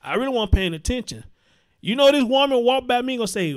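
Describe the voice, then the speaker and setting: Profane, high-voiced male commentator. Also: lively intonation, fast talker. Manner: blunt, profane, emphatic with repetition. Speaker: host. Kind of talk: live commentary reading chat comments.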